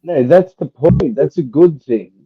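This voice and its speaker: A man's voice: on the high side, expressive, measured pace, highs cut off, a little hiss or hum. A man co-hosting a livestream, chatting casually, swearing a lot and telling crude jokes. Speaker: livestream co-host. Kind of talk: casual chat.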